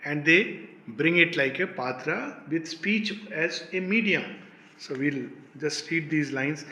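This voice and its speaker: Animated man explaining a poem. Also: slow. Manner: animated explaining, jumps higher for emphasis. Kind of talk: spoken commentary on a poem. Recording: echoey room.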